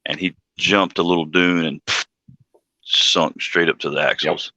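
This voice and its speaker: A man's voice: deep voice, steady tone, unhurried, sharp tone, no echo. A laid-back man hosting a casual live stream, laughing easily as he tells a story. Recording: dull, dry, lo-fi sound.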